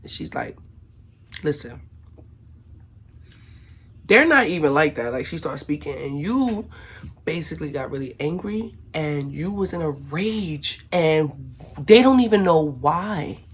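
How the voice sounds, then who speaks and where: A woman telling a casual storytime to her viewers, slangy and animated, acting out what everyone said. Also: low-pitched, measured pace, long pauses, slightly rough. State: recovering from illness. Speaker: vlogger.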